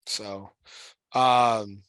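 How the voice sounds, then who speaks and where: Male podcast host, 30s, bright forceful tone, dry close sound; emotional and profane. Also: lowish voice, fairly even intonation, smooth, no echo. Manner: emotional, swearing, halting restarts. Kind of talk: casual chat.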